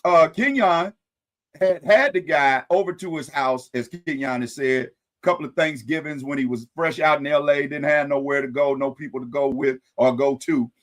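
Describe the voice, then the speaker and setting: A man hosting a live-stream commentary show, talking casually to his viewers with animated delivery, folksy sayings and wry asides. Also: fairly high pitch, moderate pace. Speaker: host.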